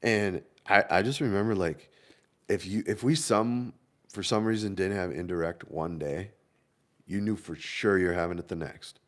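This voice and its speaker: A man's voice: sits low, normal speed. A man, an army veteran, telling war stories in a casual, laughing chat. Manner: laughing, animated storytelling.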